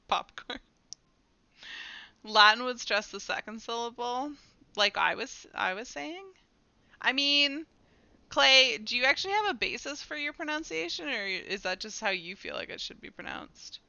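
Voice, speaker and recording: A woman's voice: fairly high pitch, animated, measured pace, creaky, bright, forceful tone, dry recording. A woman streaming a game, chatting playfully with her viewers and her pet in a casual commentary style. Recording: dull lo-fi stream audio.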